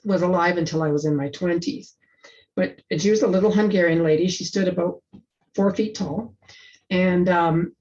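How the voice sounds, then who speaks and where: Middle-aged woman, lowish voice, chatty storyteller, muffled lo-fi recording. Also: darkish tone. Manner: chatty, halting with restarts. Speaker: presenter. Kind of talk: casual storytelling in discussion. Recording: dull lo-fi sound.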